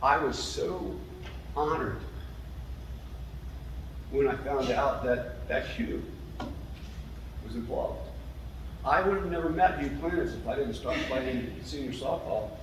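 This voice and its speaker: A man giving a heartfelt, emotional acceptance speech as a hall of fame inductee, pausing between phrases. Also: mid-range voice. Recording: echoey hall from far off, noisy.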